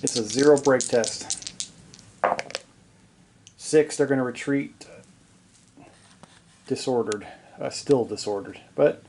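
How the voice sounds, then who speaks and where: A man narrating his own tabletop wargame in a casual play-by-play, excitable, joking and swearing at his dice rolls, recorded in a home basement. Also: medium pitch, a little slow, pauses often, a little hiss or hum. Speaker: wargaming hobbyist narrating a battle report.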